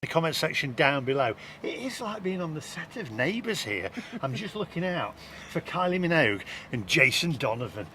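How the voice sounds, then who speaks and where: A man's voice: a little high, big pitch swings, normal speed, pushed and bright, slight background noise. A man vlogging cheerfully outdoors in the heat, chatty and laughing often. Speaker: travel vlogger. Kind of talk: upbeat vlog chat. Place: outdoors in hot weather.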